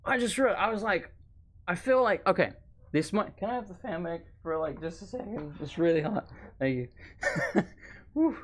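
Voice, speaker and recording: A man talks his way through a live game stream with a lively, bouncing pitch that swings up and down. He rambles, chats with viewers and trails into asides. He sounds hot and worn from a stuffy room at home. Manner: rambling, chatty, quick asides to chat. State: overheated. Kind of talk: live gameplay commentary.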